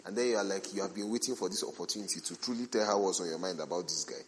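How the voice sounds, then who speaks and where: A man preaching a sermon as a pastor, telling animated everyday stories, asking rhetorical questions and acting out the people he quotes. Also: low voice, racing, slight background noise. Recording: long reverb from a large hall.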